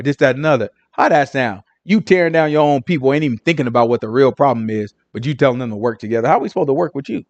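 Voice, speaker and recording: A man giving an informal Sabbath teaching to a congregation, talking in an animated, conversational way full of rhetorical questions. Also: medium pitch, fast, few pauses, no room sound, highs cut off.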